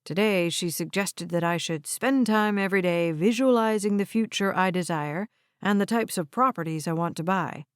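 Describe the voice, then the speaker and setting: A woman's voice: on the low side, moderate pace, smooth, no room sound, close to an everyday voice. A woman voicing a friendly, slightly bashful young man in an audiobook, recorded dry.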